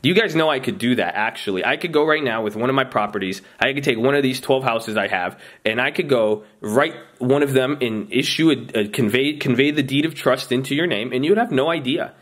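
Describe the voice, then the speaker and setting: A man's voice: mid-range voice, fairly quick, few pauses, fairly bright tone. A man hosting a trading channel, giving a casual motivational talk to his viewers. He rambles, often restarts his sentences and keeps turning to them directly.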